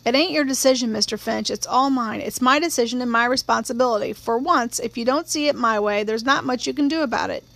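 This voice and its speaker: A woman's voice: a little high, a little fast, creaky, few pauses, fairly bright tone, no room sound. A woman voicing a blunt, stubborn male small-town sheriff in his forties who talks in a plain-spoken drawl. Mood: earnest.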